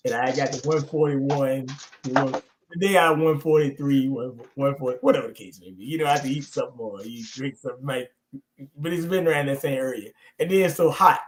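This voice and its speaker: A man hosting a livestream chat, telling stories in an animated way, swearing and laughing. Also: medium pitch. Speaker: show host. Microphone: streaming call.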